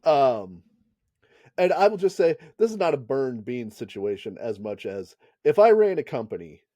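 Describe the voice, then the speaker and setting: A man's voice: medium pitch, very animated, moderate pace, mellow, dry recording. A man co-hosting a podcast in casual chat, rambling and laughing often. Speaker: podcast co-host.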